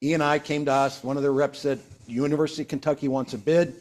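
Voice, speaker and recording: Older male host, higher register, lively storyteller energy, casual company broadcast. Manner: animated storyteller, quick bursts. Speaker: sales leader hosting a company broadcast. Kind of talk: casual company sales chat.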